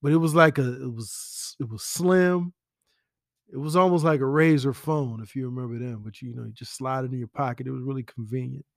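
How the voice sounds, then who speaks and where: A man telling stories about a late friend in a casual, animated way, with slang and whispered asides. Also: medium pitch, a little fast, creaky, no room sound, clean studio sound. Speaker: friend giving a spoken tribute. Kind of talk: casual storytelling.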